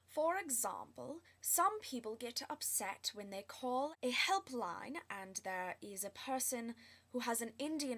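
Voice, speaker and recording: A prim, over-enunciating young lady with a British accent, put on by an American teen girl. The voice sits a little high and sounds very bright, and it comes across through a webcam. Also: exaggerated voice. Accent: American speaker imitating British English. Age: teens. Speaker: vlogger. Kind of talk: casual vlog to a friend.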